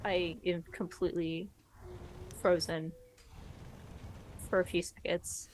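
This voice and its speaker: A woman playing a tabletop game, blunt and deliberate. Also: fairly low pitch, level tone, slight background noise. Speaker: player.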